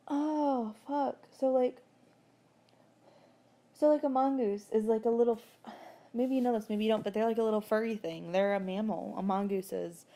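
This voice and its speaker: A woman's voice: a little high, dark tone. A woman casually recapping a book chapter as a podcast host, rambling and chatty, laughing often and swearing freely.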